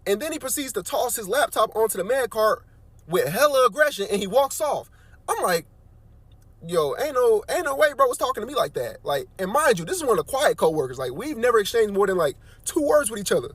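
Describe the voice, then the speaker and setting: A man with a high, light voice tells a work story at a quick clip. He is animated and slangy, and his voice leaps up whenever he quotes himself or his coworkers. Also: dry recording. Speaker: nursing aide on night shift. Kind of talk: casual storytime.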